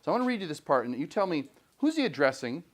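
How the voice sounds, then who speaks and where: A man's voice: a little high, very animated, fast talker. Chatty male teacher leading a class. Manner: chatty, questioning, frequent "right?". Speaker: high school English teacher. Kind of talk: classroom lecture and discussion. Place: school classroom.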